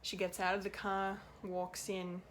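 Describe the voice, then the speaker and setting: A woman's voice: mid-range voice, completely flat delivery, measured pace, slight background noise. A woman giving an unscripted, rambling and emotional review of a TV episode, laughing often and swearing now and then. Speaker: pop culture reviewer.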